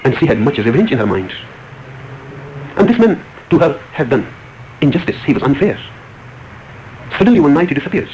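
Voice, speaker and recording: Male spiritual speaker, brisk emphatic storytelling, light background noise. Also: a little high, very animated, a little mellow, dull audio. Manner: emphatic, repetitive, rising emphasis on key words. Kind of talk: storytelling discourse.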